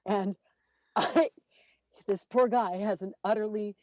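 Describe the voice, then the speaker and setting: Here a female audiobook narrator talks informally during an interview. Her medium-pitched voice moves slowly with no echo, and she's animated and self-deprecating, with plenty of fillers and restarts.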